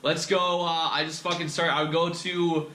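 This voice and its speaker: A man's voice: fairly high pitch, level tone, moderate pace, bright, forceful tone. A young man hosting a podcast, telling a candid personal story in a rambling, profane way full of fillers and restarts. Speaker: podcast host. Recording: echoey room.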